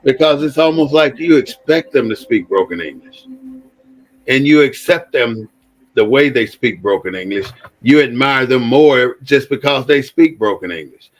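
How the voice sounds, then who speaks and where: A man's voice: medium pitch, lively intonation, normal speed, low-quality recording. A man hosting an impassioned commentary monologue, speaking bluntly and repeating phrases for emphasis, with frequent swearing. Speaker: host.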